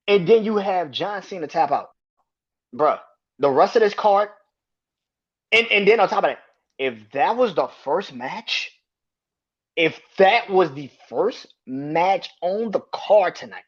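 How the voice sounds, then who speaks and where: Husky man ranting with swinging pitch. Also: a bit bright. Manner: profane, exasperated, repeats himself. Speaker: podcast host. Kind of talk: heated wrestling rant. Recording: dull lo-fi recording.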